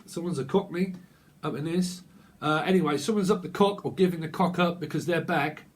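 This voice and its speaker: Man, tarot reader, casual rambling, punning, a bit high-pitched. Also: fairly quick. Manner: rambling, playful wordplay, frequent chuckles. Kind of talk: casual improvised tarot reading.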